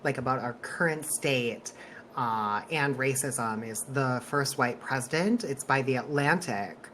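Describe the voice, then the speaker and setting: A man co-hosting a podcast, talking in a loose, chatty way. He is animated, laughs a lot between sentences and drops swear words without a second thought. There is a faint hum of noise behind him. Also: medium pitch, measured pace. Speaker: podcast co-host. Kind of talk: casual podcast chat.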